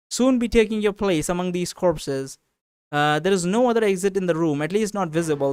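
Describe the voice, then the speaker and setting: A man's voice: high voice, a little mellow. A man reading a text adventure game aloud and commenting on it casually, with hesitant restarts and fillers. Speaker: let's play host. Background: faint background music.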